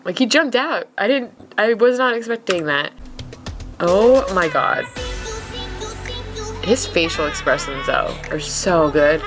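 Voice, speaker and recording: A young woman hosting a reaction video, chatting casually and gushing excitedly, with the odd swear. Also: lowish voice, slow, pauses often, music in the background.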